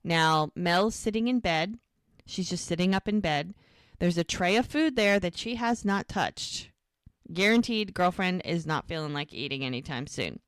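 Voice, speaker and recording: A woman's voice: on the low side, normal speed, clear, resonant tone, dry recording. A woman co-hosting a podcast, recapping a TV episode in casual chat and acting out the scenes as she tells them. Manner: animated storyteller, acts out the scenes. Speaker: podcast co-host.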